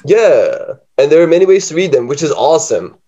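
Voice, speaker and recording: Guy with a dark mellow voice, joking around about poems, kinda muffled lo-fi sound. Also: a little high, very animated, a little fast, slightly rough. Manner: playful, laughs often, drawls words out. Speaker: podcast co-host. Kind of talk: casual chat about poetry. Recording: dull lo-fi podcast audio.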